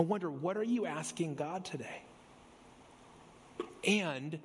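A male pastor preaching a sermon in a church, speeding up and slowing down for emphasis and rising sharply on key words. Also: fairly high pitch, slight background noise. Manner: preaching with sweeping shifts of pace and emphasis. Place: church sanctuary.

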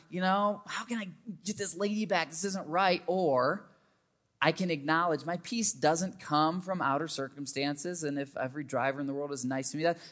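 Earnest pastor man preaching conversationally. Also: on the high side. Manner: earnest, conversational, rising animated in anecdotes. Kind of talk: sermon.

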